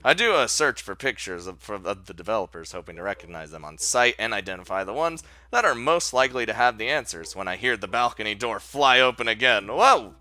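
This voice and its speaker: A man's voice: lowish voice, expressive, fairly quick, hardly any pauses, pushed and bright, faint music behind. A man playing a visual novel, reading the story aloud and adding casual, swearing commentary with laughs and restarts. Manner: casual, swears, laughs, breaks off mid-sentence. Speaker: let's play host.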